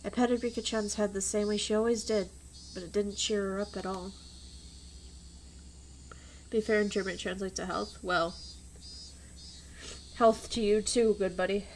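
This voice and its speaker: Animated swearing woman streamer. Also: mid-range voice, a little slow, pauses often, slight background noise. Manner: animated, loud and profane when ranting. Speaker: streamer reading a visual novel. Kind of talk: casual streamed read-aloud with chat.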